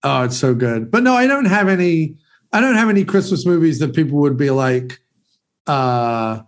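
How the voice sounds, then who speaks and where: A man's voice: fairly high pitch, expressive, moderate pace. A man in his forties hosting a podcast, chatting enthusiastically and rambling about films with casual swearing. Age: 40s. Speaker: podcast host.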